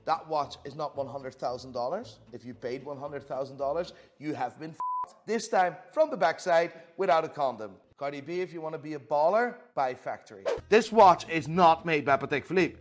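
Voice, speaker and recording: A watch reviewer in an angry rant, swearing constantly as he calls out fake watches. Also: fairly high pitch. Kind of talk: profane rant.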